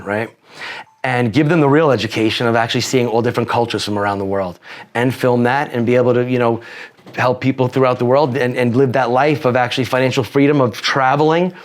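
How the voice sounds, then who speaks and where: A man in his forties, a podcast guest telling personal stories in a rambling, profane way with many restarts. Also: medium pitch. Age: 40s. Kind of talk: casual interview storytelling.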